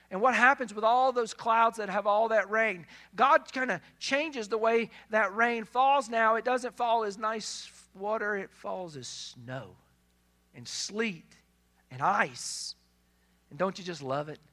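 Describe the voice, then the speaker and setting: A male pastor delivering a sermon in a high, bright, ringing voice. He preaches emphatically, moving between hushed passages and loud, stressed lines.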